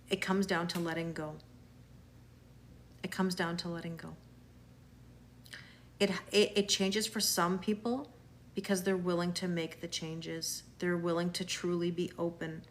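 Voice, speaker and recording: A woman's voice: on the low side, slight background noise. A woman with a Canadian accent, a tarot reader chatting live with viewers in a reassuring way, often restarting her words. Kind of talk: live-stream chat with viewers.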